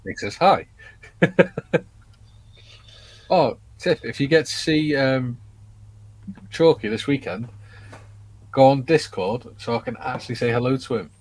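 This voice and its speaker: A man's voice: medium pitch, a little slow, pauses often, a little mellow, poor audio. A man co-hosting a casual live stream, cheerfully reading out viewer comments. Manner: cheerful, reads comments aloud.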